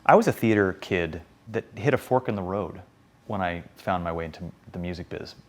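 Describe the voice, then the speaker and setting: A man in his forties talking casually in an interview, chatty and animated, with many fillers. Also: low-pitched, brisk. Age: 40s. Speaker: interviewee, stage performer.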